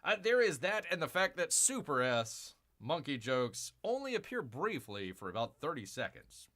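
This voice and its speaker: A man hosts a live-stream commentary, reading out news items and cutting in with sarcastic jabs. His fairly high voice swings widely in pitch. The tone is bright, and the delivery rambles with restarts and fillers. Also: big pitch swings, normal speed. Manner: sarcastic, mocking asides.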